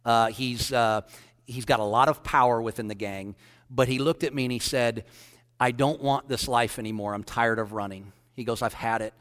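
A man's voice: mid-range voice, moderate pace, in a large hall. A man preaching as a pastor, telling a story and acting out the dialogue of the people in it. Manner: animated storyteller, quoting others in dialogue. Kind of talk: sermon storytelling.

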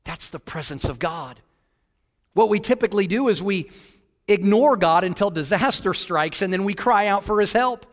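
Pastor, male, high voice, impassioned sermon, lingering hall reverb. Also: animated, normal speed. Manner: impassioned, drops to hushed tones then builds to emphatic; addresses the congregation with questions.

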